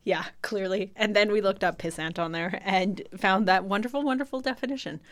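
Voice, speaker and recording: A woman's voice: medium pitch, fairly quick. A young woman co-hosting a casual podcast, reading word definitions aloud with fillers, stumbles and frequent laughs. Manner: giggly, loose, reads out definitions with stumbles and fillers. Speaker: podcast co-host.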